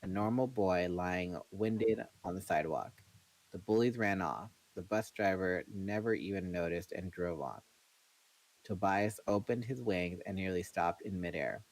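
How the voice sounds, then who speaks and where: A man with a fairly low voice reads a novel aloud in a plain, steady manner. He switches easily into relaxed chat with a co-host between chapters. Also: low-quality recording. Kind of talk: reading a book aloud, then casual chat.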